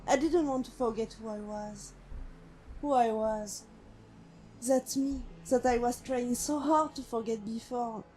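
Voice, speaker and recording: Brief: actress as a haunted female synth ex-killer, mellow and slightly high, slow and brooding, soft music behind. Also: slight background noise, natural voice. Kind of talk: game companion monologue. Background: faint music.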